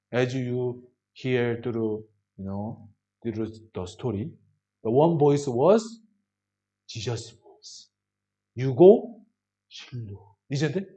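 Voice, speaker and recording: Slow-preaching man in broken English. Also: a little high, highs cut off. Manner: broken English, rhetorical questions to the congregation; swings between loud emphasis and soft drops. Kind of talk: sermon.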